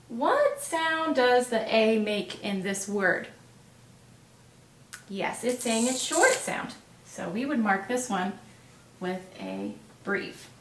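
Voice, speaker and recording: A woman teaching a phonics lesson at a board, patient and encouraging, pausing for the learner's answers. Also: mid-range voice. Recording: roomy echo, distant mic, faint hiss.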